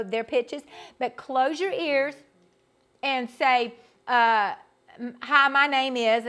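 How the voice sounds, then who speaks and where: Brief: middle-aged Georgia woman, vocal coach, fairly high voice, chatty and folksy with her class. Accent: Southern US, Georgia. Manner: chatty and folksy, addresses the group directly. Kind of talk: live teaching session.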